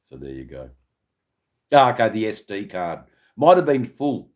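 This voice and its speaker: A very deep-voiced Australian man hosts a casual live stream. He rambles with viewers in loose banter and swears freely. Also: sing-song, normal speed. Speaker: livestream host.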